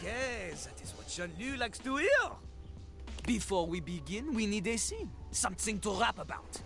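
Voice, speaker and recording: A man's voice: high-pitched, very animated, moderate pace, fairly bright tone, soft background music, full character voice. An actor voicing a cocky male talking toilet who lectures and breaks into rap. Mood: lecturing.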